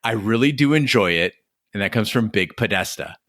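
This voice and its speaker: A man's voice: lowish voice, lively intonation, fairly quick, fairly bright tone, no room sound, studio quality. A man hosting a podcast, reading listener emails aloud with a wry, casual delivery.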